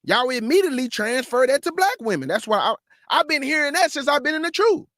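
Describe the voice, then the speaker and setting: A man with a very high voice hosts an informal scripture lesson. He talks in a slangy, conversational way and poses rhetorical questions to his listeners. The recording is dry, with no room sound. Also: big pitch swings, brisk, hardly any pauses, a bit bright, dry recording. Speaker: host and Bible teacher.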